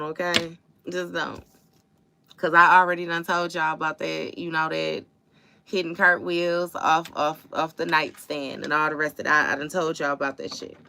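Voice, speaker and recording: A woman with a lowish, forceful, bright voice gives a casual tarot reading to a live audience. She talks bluntly and swears freely. She repeats phrases for emphasis and calls her listeners baby and y'all. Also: gravelly, slight background noise. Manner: emphatic repetition. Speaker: tarot reader.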